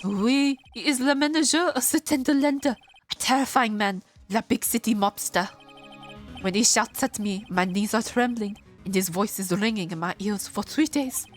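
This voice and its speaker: A woman's voice: on the high side, normal speed, faint music behind, lightly acted. A woman faking a jittery French man. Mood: fretful. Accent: put-on exaggerated French accent. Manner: fretful, dramatic, sprinkled with French words. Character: timid nervous French man, loan office worker.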